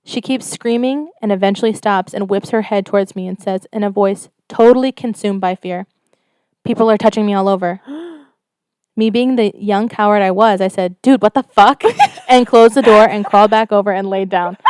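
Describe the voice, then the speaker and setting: A woman co-hosting a casual podcast, reading a listener's story in a steady, smooth voice, close and dry on the mic. She talks loosely and swears freely. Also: mid-range voice, moderate pace, dry recording. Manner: casual, swears freely, reads stories in a steady flat telling.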